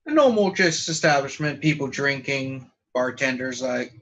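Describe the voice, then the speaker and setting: Man, game master, casual tabletop narration, mid-pitched voice. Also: fairly bright tone, highs cut off. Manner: casual, rambling with fillers.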